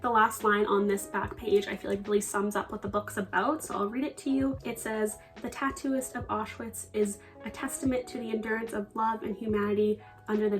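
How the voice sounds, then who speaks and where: Chatty young woman reviewing books. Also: medium pitch. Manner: chatty and earnest, with small laughs and trailing restarts. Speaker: book vlogger. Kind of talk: casual book review chat.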